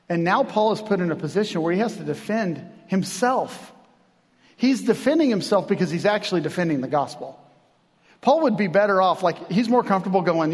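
High-voiced pastor preaching in a reverberant hall. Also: male voice, a little fast, breathy edge. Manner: animated, conversational preaching with acted-out quotes. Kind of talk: sermon. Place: church.

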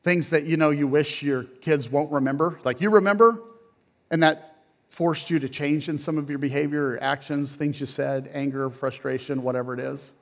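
A middle-aged man, a pastor, preaching a sermon that swings from quiet, low phrases to loud, emphatic peaks. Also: fairly even intonation, normal speed.

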